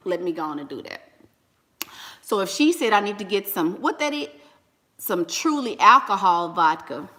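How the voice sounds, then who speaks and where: Bright, animated woman chatting with viewers. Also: mid-range voice. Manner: animated, talkative, slangy, laughs often. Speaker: online business coach and vlogger. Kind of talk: casual chat to viewers.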